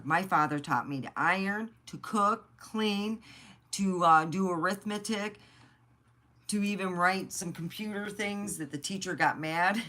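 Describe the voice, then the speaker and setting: A woman's voice: low voice, a bit bright. Blunt chatty woman telling stories. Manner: blunt, chatty, swears freely. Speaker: vlogger. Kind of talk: casual storytelling.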